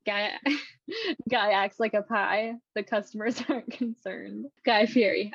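Woman, podcast co-host, casual chat, giggly, slow, breathy, dry dull mic. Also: mid-range voice, a bit bright, no echo. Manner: giggly, keeps breaking into laughter while reading. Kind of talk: casual chat, reading comedy scripts aloud.

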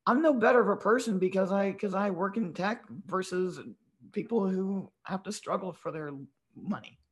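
A woman with a breathy, weak voice, talking frankly as a guest in a casual interview. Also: mid-range voice, moderate pace, rough recording. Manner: frank, talks in restarts and lists. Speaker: comedian guest.

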